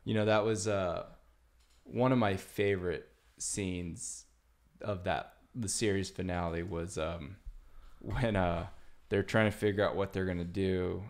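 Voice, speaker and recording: Low, gravelly male podcast host; relaxed, rambling delivery with lots of fillers. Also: a little slow. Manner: laid-back, rambling with many fillers. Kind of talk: casual chat.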